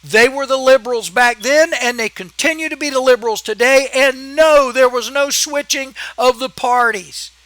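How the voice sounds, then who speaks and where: A man's voice: very high-pitched, normal speed, few pauses, fairly bright tone, dry recording. A man hosting his own channel, delivering a heated, emphatic political rant and scolding his critics. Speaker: channel host. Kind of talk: ranting political vlog monologue.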